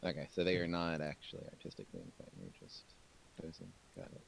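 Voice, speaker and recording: Wry man player in a tabletop game, deep, lively voice, faint hiss. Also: fast, creaky. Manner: wry, joking. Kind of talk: casual tabletop game chat.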